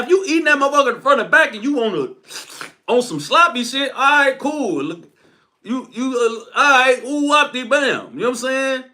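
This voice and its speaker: Young man, very high and bright voice, crude ranting commentary. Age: young adult. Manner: animated, crude, laughing. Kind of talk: profane solo commentary rant.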